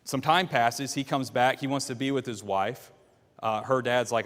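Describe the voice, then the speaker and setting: A man's voice: mid-range voice, normal speed, fairly bright tone, big-room sound. A man teaching a Bible class, walking listeners through the story by quizzing them with questions. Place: church classroom.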